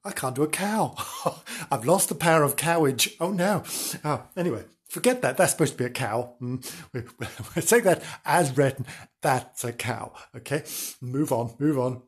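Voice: mid-range voice, expressive, normal speed, breathy edge. A storyteller reading a comic storybook aloud, giggling and breaking off to joke about the story.

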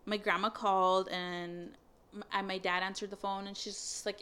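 Her voice is smooth and medium-pitched, moving at a normal speed, as this young woman casually tells a personal story. She's frank and sweary, leans heavily on fillers like "like" and "um," and animatedly replays the conversations involved.

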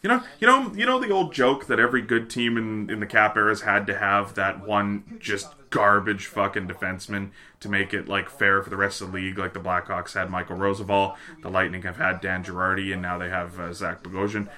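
A man's voice: deep voice, fairly even intonation, bright, forceful tone. A man co-hosting a casual sports talk show, swearing freely and reading out trade news in an offhand way. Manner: profane, offhand, reads news items quickly. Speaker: podcast co-host.

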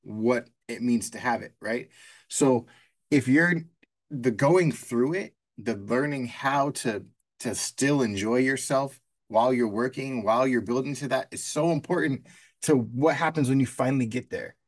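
A man's voice: medium pitch, a little slow. Laid-back man explaining with analogies. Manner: talks in long analogies, loose and conversational. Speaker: podcast co-host. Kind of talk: casual podcast chat.

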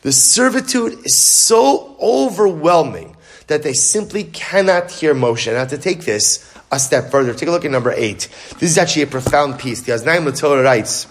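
Teaching a Torah class, a fairly high-pitched man lectures with animation, supplying answers to his own questions. Frequent restarts break up his short, rapid bursts of speech.

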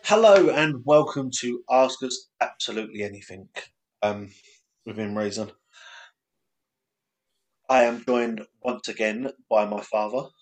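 A young man hosting a laid-back podcast in a voice of ordinary middle pitch. He rambles, restarts his sentences and pokes fun at himself as he talks. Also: unhurried, pauses often, low-quality recording. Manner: rambling, self-deprecating, lots of restarts. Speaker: podcast host. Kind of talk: casual podcast chat.

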